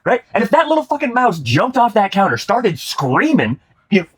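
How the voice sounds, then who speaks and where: A man's voice: high-pitched, wildly swooping pitch, normal speed, fairly bright tone, slightly rough. A man hosting casual chat about comedy clips, rambling with many restarts, swearing and laughing. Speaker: host reacting to comedy clips.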